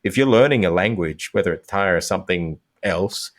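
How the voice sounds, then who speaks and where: A man with a notably deep voice talks through language quirks as a podcast guest. His delivery is animated and loose, and he slips into short acted-out examples mid-thought. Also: fairly quick. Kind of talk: casual interview chat.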